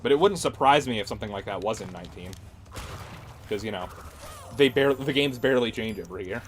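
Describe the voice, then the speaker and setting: A man's voice: on the low side, lively intonation, quick pace, slight background noise. A man streaming games, chatting casually and ranting sarcastically with plenty of swearing. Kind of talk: casual livestream chat.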